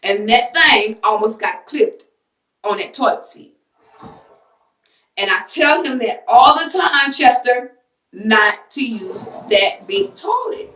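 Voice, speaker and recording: Young woman vlogger, rambling and emotional, higher voice, echoey bathroom, a bit off-mic. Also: expressive, takes it slowly, sharp tone, far from the mic. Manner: rambling, emotional storytelling with many fillers. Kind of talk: casual chat to camera. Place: home bathroom.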